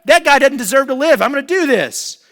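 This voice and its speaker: A man's voice: extremely high pitch, sing-song, a little fast, pushed and bright, pitched above the performer's own voice, full character voice. A man voicing a boastful, petulant male villain who brags about his power and sulks like a child. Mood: scheming. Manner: bragging, self-pitying.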